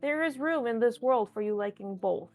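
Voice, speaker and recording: A woman's voice: a little high, expressive, normal speed, soft background music. A woman standing in as host of a live tabletop game stream, answering viewer questions in a playful, chatty, rambling way with many restarts. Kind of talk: casual live-stream chat.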